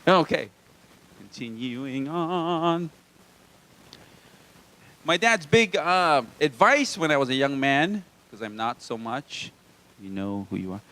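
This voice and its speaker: Man from Hawaii, stand-up comic, mid-pitched voice, wry self-mocking asides, small club stage. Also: big pitch swings, slow, long pauses, sharp tone. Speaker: stand-up comedian. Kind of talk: live stand-up set.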